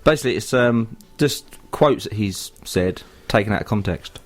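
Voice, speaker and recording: A man's voice: lowish voice, expressive, normal speed. A man with a British accent co-hosting a comedy radio show, teasing dryly and bringing up topics he found online. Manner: dry teasing, brings up topics from social media. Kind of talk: casual banter.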